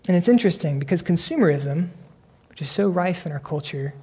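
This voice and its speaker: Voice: medium pitch, expressive, fairly quick, warm tone, breathy edge, long reverb tail. A pastor delivering a sermon in an earnest, conversational way, often restarting phrases as the thoughts come.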